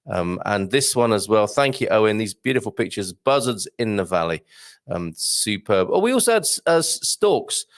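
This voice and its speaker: A man's voice: fairly low pitch, very animated, moderate pace, no room sound, studio quality. A man hosting a live online morning show, reading out viewer comments in a jokey, playful way and laughing often.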